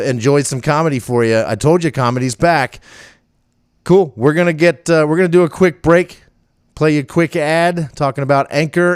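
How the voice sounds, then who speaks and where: A man's voice: mid-range voice, clean tone, no echo, studio quality. An older man with a rural Virginia country accent, hosting a podcast in a rambling, casual chat with many fillers. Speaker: podcast host.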